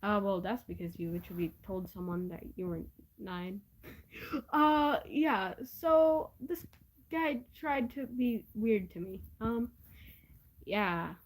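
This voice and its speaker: A teenage girl casually telling childhood stories, rambling and halting with many fillers and restarts, often giggling. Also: mid-range voice, animated, poor audio. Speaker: vlogger. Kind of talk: casual storytelling.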